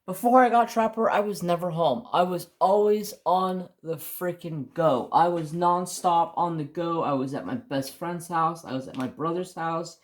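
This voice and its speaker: A man's voice: fairly high pitch, normal speed, hardly any pauses. A man casually telling a long personal story on his crafts channel, rambling with restarts and mild swearing. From United States.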